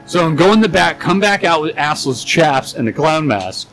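A young man co-hosting a podcast, casually telling a long story and acting out the quotes in higher voices. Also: lively intonation, fairly quick, a bit bright, faint music behind, low-quality recording. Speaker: podcast co-host. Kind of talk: casual chat.

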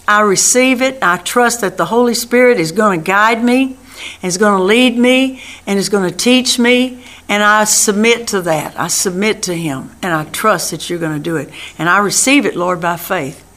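A woman giving a radio sermon, earnest and prayerful, repeating her phrases and often dropping to a soft hush. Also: medium pitch, moderate pace. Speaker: radio minister.

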